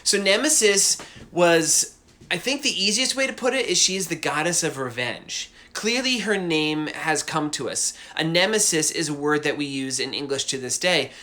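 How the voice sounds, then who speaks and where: A man with a slightly high voice chats casually from home while he hosts a live drawing stream. He talks in a rambling, enthusiastic way, full of asides and quick tangents. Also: expressive, pushed and bright. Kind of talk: casual livestream chat.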